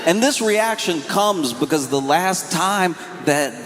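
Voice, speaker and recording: On a comedy stage before a live audience, a man with a slightly high voice tells stories at an unhurried pace and animatedly acts out phone calls. Music plays underneath, and the hall is reverberant with audience noise.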